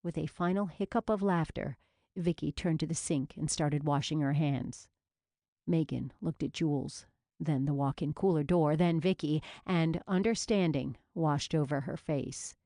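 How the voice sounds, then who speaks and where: A woman narrating a romance novel as an audiobook in measured storytelling. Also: low voice, dark tone, no room sound, studio quality.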